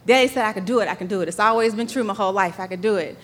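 A woman telling a personal story live on stage before an audience, animated and laughing as she acts out dialogue. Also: mid-range voice, very fast.

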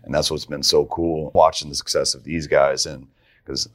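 A man with a very low voice, speaking as a guest coach on a talk podcast. He tells stories in a relaxed, conversational way, starting sentences over and laughing as he goes. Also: moderate pace. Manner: conversational, with frequent restarts and laughs while telling stories. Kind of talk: casual storytelling.

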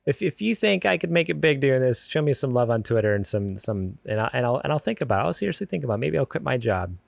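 A man's voice: medium pitch, very animated, quick pace, vocal fry, no echo. A man co-hosting a podcast from his garage, talking in a loose, joking way full of fillers. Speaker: podcast co-host. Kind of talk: casual podcast chat. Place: home garage with the door open.

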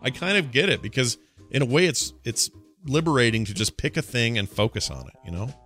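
Soft music plays behind a man with a mid-range, slightly bright voice who speaks briskly and with animation. As co-host of a gaming podcast, he rambles through casual chat and listener emails, often fixing what he says mid-sentence.

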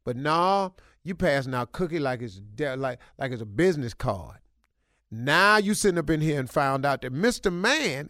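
A man's voice: on the high side, sing-song, normal speed, fairly bright tone, no echo, clean studio sound. Emphatic, preachy male advice host. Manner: preachy, emphatic, colloquial, repeats himself for punch. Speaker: radio show host giving relationship advice. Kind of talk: animated advice talk.

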